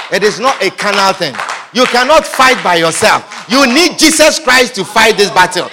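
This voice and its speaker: A male preacher with a very high, bright voice delivers a sermon with emphatic, repeated lines. He often shouts and laughs, and his pitch swings widely.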